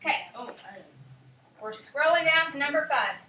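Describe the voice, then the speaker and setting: A high-voiced woman teaches a class in a bright, clear tone, sometimes sing-songing words to show stress. She is heard from a distance in an echoey classroom with a faint hiss behind her. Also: a little slow. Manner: sing-song calling out of words to mark syllable stress. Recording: echoey classroom, mic far off.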